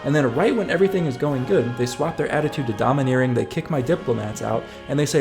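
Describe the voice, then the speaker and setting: A man's voice: medium pitch, fast, gravelly, few pauses, darkish tone. A man giving casual, upbeat, jokey commentary over his strategy game playthrough. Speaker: gaming channel host. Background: faint game music.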